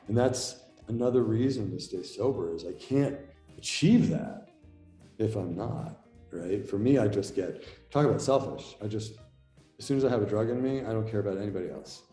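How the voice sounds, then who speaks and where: Mellow-voiced earnest male guest, roomy sound. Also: lowish voice, soft background music. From USA. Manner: earnest, halting, restarts. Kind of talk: casual interview chat.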